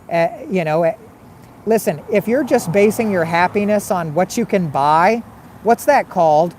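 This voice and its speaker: A man's voice: sits high, darkish tone, a little hiss or hum. A man hosting a casual livestream, reading viewer comments and arguing back with repeated rhetorical questions. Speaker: livestream host.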